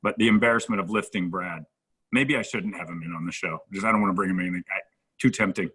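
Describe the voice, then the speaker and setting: A man's voice: low-pitched, fast talker, slightly rough. A middle-aged man, a radio host, telling a comedic backstage story in casual chat. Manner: animated anecdote-telling, acts out quoted lines.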